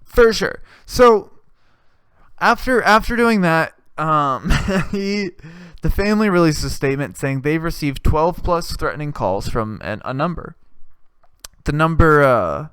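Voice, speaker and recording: A man's voice: on the high side, animated, a little slow, a bit bright, clean tone, dry recording. A man hosting a comedy podcast, talking in a rambling, crude and sarcastic monologue full of swearing. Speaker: podcast host.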